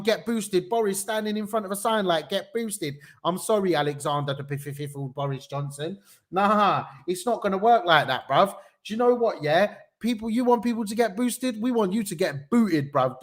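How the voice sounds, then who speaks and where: Young guy hosting a live show, voice on the high side, hyped and full of slang. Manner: energetic, slangy and excitable, with sudden jumps in pitch. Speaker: host. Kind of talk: live online news show.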